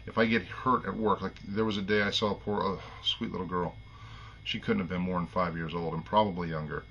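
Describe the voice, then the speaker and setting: A man's voice: low-pitched, fairly even intonation, a little fast, vocal fry, a bit bright, lo-fi sound, slight background noise. A middle-aged man talking earnestly to camera in a casual monologue, rambling and restarting, getting choked up. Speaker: vlogger.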